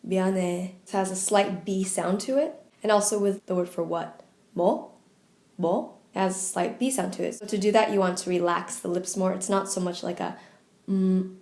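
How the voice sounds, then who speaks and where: A woman with a mid-pitched voice leads a listen-and-repeat pronunciation lesson. She sounds upbeat and encouraging, and says each sound slowly several times. Her voice rings in an echoey room. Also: darkish tone. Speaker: language tutor.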